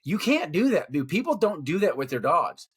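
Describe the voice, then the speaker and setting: A man's voice: on the high side, very animated, moderate pace, a little hiss or hum. A middle-aged man co-hosting a podcast, ranting bluntly and profanely about his opinions in casual talk. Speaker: podcast co-host. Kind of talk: casual rant.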